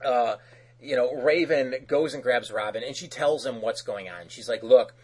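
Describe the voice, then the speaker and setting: A man co-hosting a podcast, recapping an episode in casual chat, animated and loose, often laughing and acting out characters' lines. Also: medium pitch, moderate pace, husky, low-quality recording. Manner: loose, with frequent fillers and restarts. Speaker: podcast co-host.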